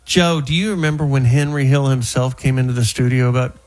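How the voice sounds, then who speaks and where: A radio host runs a call-in talk show, chatting loosely with callers and guests and frequently restarting his sentences. He has a medium-pitched, darkish voice and talks a little fast.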